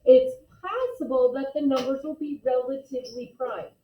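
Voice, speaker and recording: A woman teaching a math class with a patient, step-by-step manner, her voice a little higher than most. She is picked up from across an echoey classroom, and the sound is muffled and lo-fi. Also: moderate pace, far from the mic, a little hiss or hum. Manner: patient, explains step by step, calls on students. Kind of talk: classroom lesson. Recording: echoey classroom recorded from afar, dull lo-fi.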